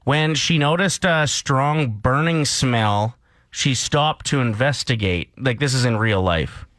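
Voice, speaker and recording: Male morning radio co-host from Canada, casual and animated, mid pitch, dry studio mic. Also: takes it slowly, no room sound. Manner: animated, ranting and storytelling.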